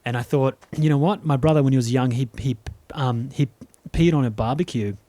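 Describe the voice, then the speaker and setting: A man co-hosts a casual podcast, spinning long rambling anecdotes full of restarts. His voice sits at an ordinary pitch. The sound is dry and close, with no room around it. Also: brisk, mellow, no echo. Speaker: podcast co-host. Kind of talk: casual storytelling chat.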